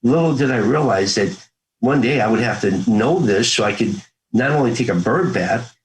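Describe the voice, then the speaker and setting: A man's voice: medium pitch, lively intonation, normal speed, low-quality recording. A man in his sixties, a former Marine, telling his story as an interview guest in an earnest, folksy way and acting out old family talk. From United States. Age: 60s. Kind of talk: conversational storytelling.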